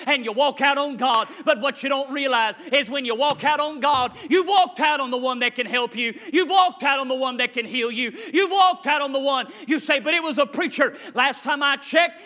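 High, bright-voiced preacher. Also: male voice. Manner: dramatic swings from shouting to hushed near-whispers; repetitive preaching cadence. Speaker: pastor. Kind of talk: sermon.

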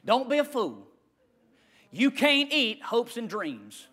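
Male pastor, very high and cutting tone, impassioned sermon delivery with loud peaks and quiet asides. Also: huge pitch swings, slow, breathy edge. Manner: impassioned preaching, swings from shouting to hushed asides.

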